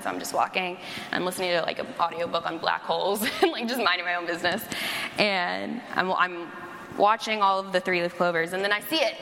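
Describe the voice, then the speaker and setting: A woman's voice: lowish voice, fast, creaky, sharp tone, a little hiss or hum. A young woman who works at a church, preaching a sermon and telling a personal story in a chatty, casual way, full of "like". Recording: echoey hall.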